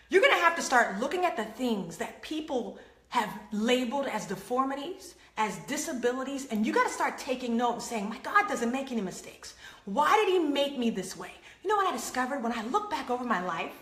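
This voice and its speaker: A woman hosting an inspirational faith talk, telling stories with acted-out quotes and lively laughter. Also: fairly high pitch, reverberant. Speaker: host.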